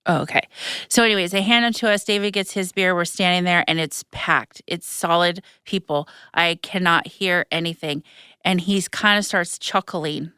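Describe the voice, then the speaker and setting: With lots of fillers and quick asides, a woman hosts a casual podcast chat, telling stories in a relaxed but animated way. Her fairly low voice is smooth and clear, captured in a dry, close recording.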